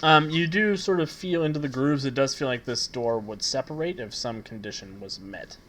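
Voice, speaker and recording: A man narrates a tabletop adventure as game master. He describes each scene in loose, unhurried detail and fills his pauses with frequent "uh"s. His voice sits at an everyday middle pitch. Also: a bit bright, a little hiss or hum.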